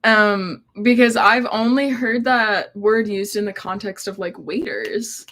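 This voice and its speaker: A woman's voice: mid-range voice, measured pace, fairly bright tone, slight background noise. A woman co-hosting a casual home live stream, reading viewer comments aloud in a playful, giggly way. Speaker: co-host reading live chat.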